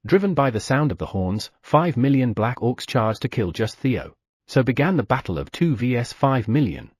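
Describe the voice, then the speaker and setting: A man narrating an audiobook with expressive storytelling. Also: medium pitch, normal speed, breathy edge, no room sound, studio quality. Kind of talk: scripted narration.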